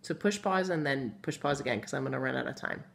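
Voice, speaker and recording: Patient low-voiced woman teaching first grade. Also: fast talker, creaky. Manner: patient, encouraging, spells words letter by letter; writes on a board while talking. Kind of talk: recorded remote phonics lesson.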